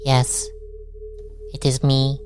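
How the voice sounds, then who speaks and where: A man voicing a loyal robot companion who speaks calmly and formally to guide his friend. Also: medium pitch, extremely slow, background noise, pitched above the performer's own voice. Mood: reassuring. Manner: calm, flat, formal speech.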